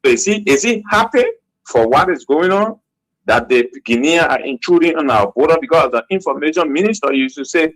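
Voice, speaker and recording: Liberian guy calling in, fired up and critical, kinda high voice, dry close sound. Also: lively intonation, fairly quick, a bit bright, no echo, low-quality recording. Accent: Liberian English. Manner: heated, critical, repetitive. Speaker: caller. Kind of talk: call-in radio talk.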